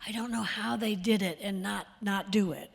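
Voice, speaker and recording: Chatty older woman with a slightly rough voice. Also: mid-range voice, steady tone, moderate pace, background noise. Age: 80s. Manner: rambling, chatty, self-mocking. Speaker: guest of honor. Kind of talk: stage interview with anecdotes. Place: stage at an evening event.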